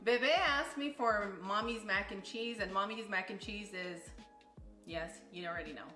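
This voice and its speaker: A woman with a Texan accent talks viewers through a home recipe in her kitchen. Her delivery is chatty and easygoing, like a friend at the stove, sitting at a middle pitch. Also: moderate pace, faint music behind. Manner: chatty, easygoing step-by-step instruction with soft laughs. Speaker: cooking channel host and mother. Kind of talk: home cooking tutorial.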